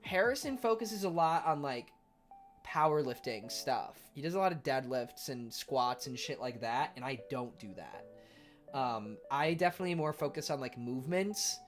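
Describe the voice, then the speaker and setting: A young man chatting casually on his livestream in an animated, rambling way, full of fillers. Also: medium pitch, normal speed, soft background music. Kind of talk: casual stream chat.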